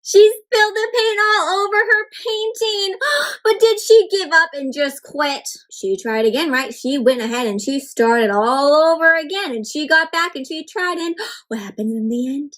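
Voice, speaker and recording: High-voiced woman reading aloud to kids. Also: lively intonation, unhurried. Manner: warm, encouraging, asks children questions. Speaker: children's storybook reader. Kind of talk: interactive read-aloud for kids.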